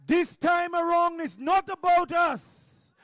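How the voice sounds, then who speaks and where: A man's voice: very high-pitched, takes it slowly, a bit bright. A man with a Dominican accent, an attorney, giving an earnest, rousing political speech at an outdoor rally. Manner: earnest, rousing, lists place names.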